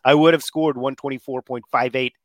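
A man's voice: medium pitch, fairly even intonation, fairly quick, no room sound. An upbeat man co-hosts a sports podcast and works through stats and picks in casual banter. The sound is close and dry. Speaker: podcast co-host.

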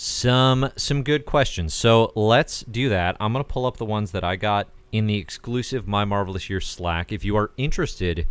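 A man's voice: on the low side, moderate pace, hardly any pauses, clean tone, no room sound. A man co-hosting a podcast in a playful, joking casual chat. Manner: playful, jokey, breaks into silly singing. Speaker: podcast co-host.

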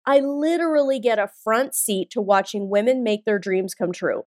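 Pitched on the high side yet with a darkish tone, a woman in her forties delivers a motivational podcast at a moderate pace. She's emphatic, blunt, and punchy, swearing often, in a dry studio recording with no echo and faint music.

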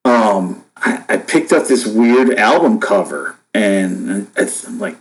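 A man in his fifties from upstate New York, a podcast guest telling stories in a relaxed, rambling way with lots of fillers. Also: fairly low pitch, slow pace, poor audio. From Buffalo, New York, USA. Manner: rambling, laid-back, many fillers and restarts. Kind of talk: casual storytelling chat.

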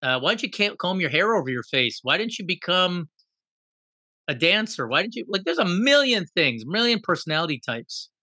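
A man's voice: high voice, big pitch swings, normal speed, bright, forceful tone, no echo. A man in casual conversation, talking emphatically and firing off rhetorical questions.

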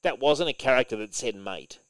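A man's voice: medium pitch, animated, moderate pace, smooth, no echo, poor audio. A man co-hosting a podcast in casual chat, opinionated and swearing now and then. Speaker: podcast co-host.

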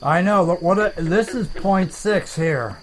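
A man hosting a comedic chat show, rambling deadpan and making up silly words. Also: sits high, a little slow, poor audio. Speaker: podcast host.

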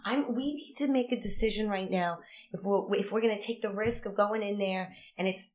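A woman playing a tabletop game, talking loudly and swearing freely through casual banter. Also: mid-range voice, normal speed. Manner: loud, swearing, laughing, animated. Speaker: player.

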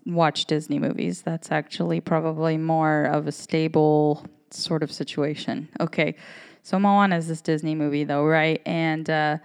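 A woman's voice: low voice, clean tone. A woman in her thirties hosting a podcast, talking in a candid, rambling, profane way. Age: 30s. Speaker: podcast host. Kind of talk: casual monologue.

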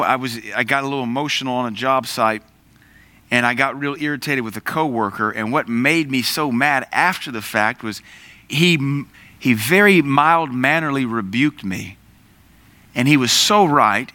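A man preaching a conversational sermon, pausing to search for words and telling stories on himself. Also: mid-range voice, bright, forceful tone, no echo. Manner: conversational preaching with asides and self-corrections. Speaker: pastor.

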